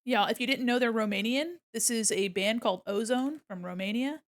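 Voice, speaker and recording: A woman's voice: on the high side, a little fast. A woman streamer chatting casually with her viewers while she draws, giggling often and swearing now and then. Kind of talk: casual livestream chat while drawing.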